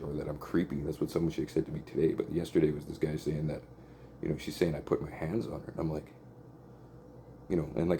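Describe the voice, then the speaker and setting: A man's voice: rumbling low, gravelly, dark tone, slight background noise. A man telling a long personal story in a rambling, profane, casual way, peppered with "like" and "right?".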